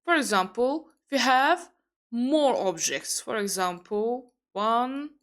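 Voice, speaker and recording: A woman from Azerbaijan in her twenties teaching an online English grammar lesson, explaining slowly with pauses and self-corrections. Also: a little high, lively intonation, a bit bright.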